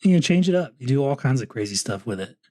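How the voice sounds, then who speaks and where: A man's voice: mid-range voice, expressive, fast, dark tone, no room sound. Laid-back man on a dry mic. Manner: laid-back storytelling, laughing asides. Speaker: podcast co-host. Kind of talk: casual chat.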